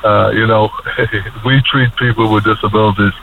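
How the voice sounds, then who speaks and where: A man's voice: on the low side, steady tone, vocal fry, noisy background. Choked-up man calling in on a tinny phone line. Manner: choked up, halting and repetitive. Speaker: caller to a radio show. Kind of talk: emotional call-in talk.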